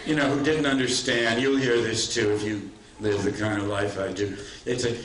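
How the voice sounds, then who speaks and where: Older man, low voice, storytelling lecturer, roomy hall, heard from a distance. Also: normal speed, few pauses, a little hiss or hum. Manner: storytelling, warm anecdotal delivery with self-deprecating humor. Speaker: author giving a talk. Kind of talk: public lecture with anecdotes.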